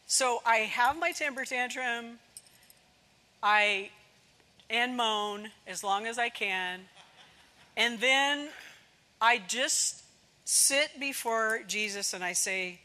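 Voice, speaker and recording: Slow, bright-voiced woman giving a devotional talk. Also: fairly high pitch, big-room sound. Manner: earnest and confiding, with fillers. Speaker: devotional speaker.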